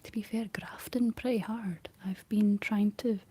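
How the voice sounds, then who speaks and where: A Scottish woman whispering softly in a rambling ASMR chat, answering her livestream viewers. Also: mid-range voice, steady tone, unhurried, slightly rough. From Scotland.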